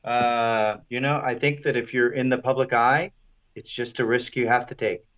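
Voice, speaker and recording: Relaxed male guest on dull lo-fi audio. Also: mid-range voice, moderate pace. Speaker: guest co-host. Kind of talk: casual podcast chat.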